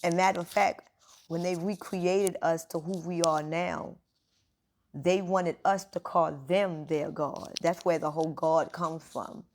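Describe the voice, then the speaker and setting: A woman's voice: lowish voice, fairly even intonation, measured pace, darkish tone. A woman giving a casual spiritual talk, informal and emphatic, speaking straight to her listeners.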